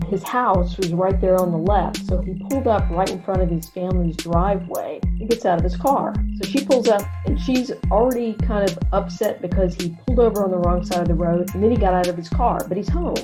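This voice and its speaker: A woman hosts a casual podcast chat, telling a long story in an animated way and putting on the voices of the people in it. Music plays clearly underneath her. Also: medium pitch. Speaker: podcast host. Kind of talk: casual conversation.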